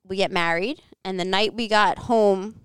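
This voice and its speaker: Speaking at a slightly slow pace, a woman with a steady, medium-pitched voice that's fairly bright and smooth tells a personal story as a podcast guest. She's candid and casual, saying "like" often and cursing now and then, from a home living room with no room sound.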